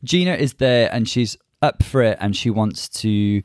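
A man's voice: lowish voice, a little slow, clean tone, no room sound, clean studio sound. A man co-hosting a casual chat show, chatty and asking his partner questions. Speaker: podcast co-host.

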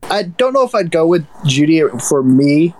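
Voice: medium pitch, sing-song, moderate pace, darkish tone, slight background noise. A guest on a game chat panel, hesitant and stammering, often restarting. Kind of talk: casual chat about video games.

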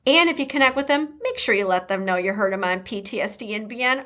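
A woman hosting a podcast speaks a bit quickly in a medium-pitched, bright, forceful voice with a Midwestern American accent. Chatty and upbeat, she delivers the intro and sponsor message with playful asides.

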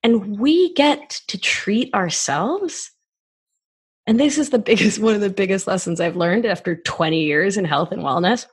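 A woman in her forties, a wellness expert talking in a casual podcast conversation, animated and expressive. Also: mid-range voice, measured pace, slightly rough. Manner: animated, acts out child voices in quotes.

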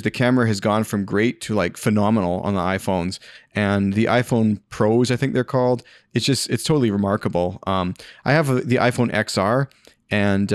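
A man's voice: fairly low pitch, no room sound. A man hosting a podcast, giving casual, rambling advice with many fillers and restarts into a studio microphone. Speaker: podcast host answering a listener question.

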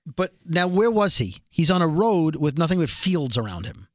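Animated high-voiced man recapping a show. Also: moderate pace, no echo, studio quality. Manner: rambling, animated, self-deprecating nerd talk. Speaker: podcast co-host. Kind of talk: casual chat recapping a TV episode.

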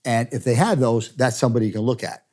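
An older man, a former football coach and executive, telling stories and giving advice in an interview, animated and laughing as he talks. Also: mid-range voice, fast talker, slightly rough. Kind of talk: storytelling interview answers.

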